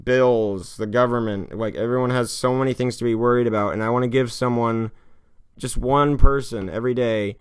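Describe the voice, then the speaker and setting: A man in his twenties from California, talking in an earnest confessional vlog, rambling and heartfelt, swearing often and swinging between hushed and heated. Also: medium pitch, fairly even intonation, moderate pace, clear, resonant tone. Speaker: YouTuber.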